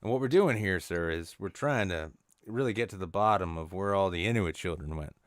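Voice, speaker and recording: A man's voice: low-pitched, brisk, no room sound. A man doing an improvised comedy bit, rambling in a mock-serious tone with lots of restarts. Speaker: podcast co-host.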